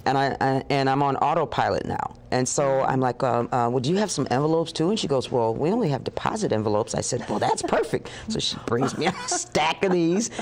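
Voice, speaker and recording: A woman telling a story as an interview guest, animated and acting out the voices of the people in it. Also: very deep voice. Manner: animated, acts out dialogue with laughs.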